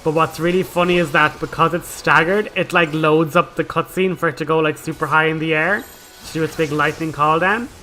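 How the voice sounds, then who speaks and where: A man's voice: on the high side, steady tone, a little fast, sharp tone, a little hiss or hum, rough recording. A young man hosting a gaming channel, explaining his game strategy in a chatty, casual way full of "like". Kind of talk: casual gameplay commentary.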